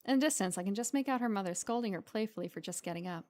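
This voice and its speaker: A woman's voice: medium pitch, rapid-fire, a little mellow. A woman streamer reading a visual novel aloud and commenting between lines in a casual way.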